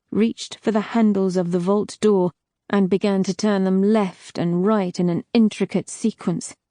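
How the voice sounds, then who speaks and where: A woman reading a dark fantasy audiobook in a slow, measured narration. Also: medium pitch, no echo, studio quality.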